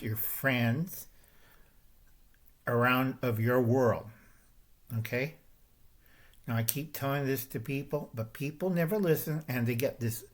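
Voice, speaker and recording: An older man hosting his own channel, delivering a confrontational monologue and pressing his points with repeated "okay?" and "all right?". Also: medium pitch. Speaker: channel host. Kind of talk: ranting monologue to camera.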